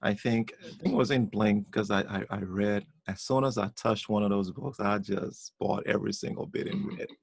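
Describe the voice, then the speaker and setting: A man's voice: lowish voice, normal speed, vocal fry, hardly any pauses, no room sound. A man chatting casually on a podcast, telling a personal story with lots of repeated words and restarts.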